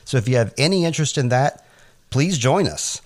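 A man co-hosting a podcast, casually recapping a TV episode in a chatty, animated way with asides. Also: mid-range voice, brisk. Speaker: podcast co-host.

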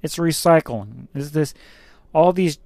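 A man's voice: on the high side, lively intonation, measured pace, creaky, a little mellow, dry recording, clean studio sound. Chatty, rambling trucker man. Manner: rambling, chatty, with fillers and occasional swearing. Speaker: truck driver. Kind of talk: casual vlog storytelling.

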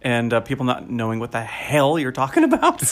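A man in his forties co-hosts a casual podcast. He is lively and laughs often, and his chat is full of ums and uhs. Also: fairly high pitch. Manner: lively and laughing, with many fillers. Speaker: podcast co-host.

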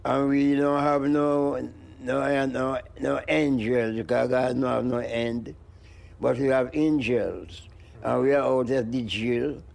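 An older man, an interview guest, rambling in slow looping phrases and breaking into high-pitched animal noises. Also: steady tone, vocal fry, darkish tone. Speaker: interview guest, music producer. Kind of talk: rambling stream-of-consciousness chat.

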